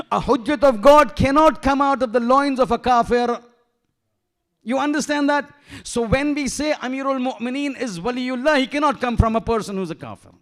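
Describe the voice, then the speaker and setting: A man giving an emphatic sermon as a shaykh in a mosque, asking rhetorical questions and weaving in Arabic terms and verses. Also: very high voice. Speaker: shaykh giving a majlis lecture.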